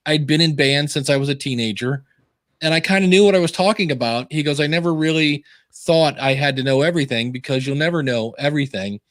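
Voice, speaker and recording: A man who is a podcaster and author, a guest on a livestream interview over a video call. His voice sits somewhat high for a man, and the sound is dry and close. He tells stories in a self-deprecating way and acts out what people said. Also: fairly quick, no echo. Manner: self-deprecating, animated storyteller acting out quotes. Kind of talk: casual interview chat.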